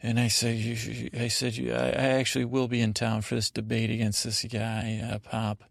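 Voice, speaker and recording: A man hosting a podcast, telling a rambling, halting bedtime story in a gravelly voice. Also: medium pitch, no room sound, studio quality. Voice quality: gravelly, creaky. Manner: meandering, halting, monotone delivery. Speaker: podcast host.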